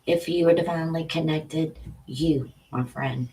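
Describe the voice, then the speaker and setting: Recorded with poor audio, a woman from Louisiana speaks in a low, dark, steady voice, a little slowly. She's a tarot reader and psychic doing a spiritual reading on camera at home, talking casually and stopping to address the dogs close by.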